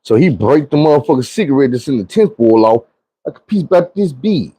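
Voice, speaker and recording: A man telling a long, profane, slang-heavy story from his youth in a lively, animated way. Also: mid-range voice, a little fast, slightly rough. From Arkansas. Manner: animated, slangy, acts out quoted friends.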